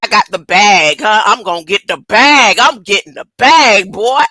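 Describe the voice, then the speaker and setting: A woman's voice: mid-range voice, expressive, normal speed, pushed and bright, dry recording, clean studio sound, pitched below the performer's own voice. A woman voicing a scheming male betrayer who grabs a money bag, smug and taunting.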